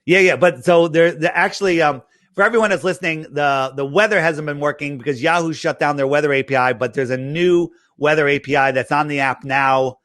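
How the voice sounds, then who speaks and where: A man chatting in a casual interview, telling animated stories, acting out the dialogue and rambling with many restarts. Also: a little high, fairly quick, no echo, clean studio sound. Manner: animated storyteller, acts out quoted dialogue. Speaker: interview guest promoting his app.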